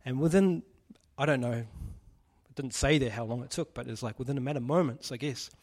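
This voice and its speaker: A man's voice: medium pitch, fairly quick, darkish tone. A man preaching a casual sermon, joking and putting questions to the congregation. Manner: chatty, jokey, asks the audience questions.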